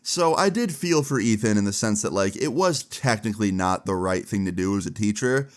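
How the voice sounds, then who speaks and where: A young man tells a school story in loose, chatty storytime style, swearing freely. His voice is lively and informal, with plenty of slang. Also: lowish voice, brisk. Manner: animated, profane and chatty. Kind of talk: casual storytime.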